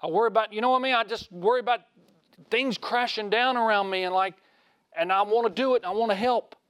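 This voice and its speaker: A man giving a conversational sermon in a folksy way, asking his listeners questions and swinging from loud to hushed. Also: high-pitched, quick pace, no room sound. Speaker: preacher.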